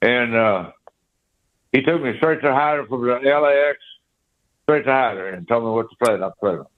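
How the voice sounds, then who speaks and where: A man's voice: mid-range voice, normal speed. An older man, a guest guitarist, telling rambling anecdotes in a casual interview and scatting riffs aloud. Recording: tinny phone line.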